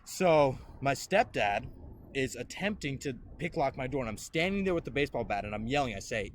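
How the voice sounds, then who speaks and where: His pitch is medium and his pace fairly quick, over slight background noise. The young man hosts a laid-back podcast, telling animated stories full of acted-out quotes and free swearing.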